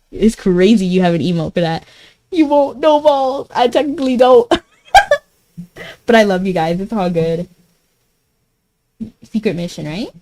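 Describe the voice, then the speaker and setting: A woman's voice: mid-range voice, dark tone, poor audio. A woman streaming a game, chatting casually and giggling as she answers her chat. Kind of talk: casual live-stream chat while gaming.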